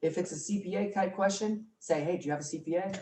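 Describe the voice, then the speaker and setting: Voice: medium pitch, quick pace, warm tone. Chatty workshop presenter in an echoey room. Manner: chatty, coins words, corrects himself or herself mid-sentence. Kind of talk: informal business training talk. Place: office meeting room with a small group. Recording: echoey room, mic far off, faint noise.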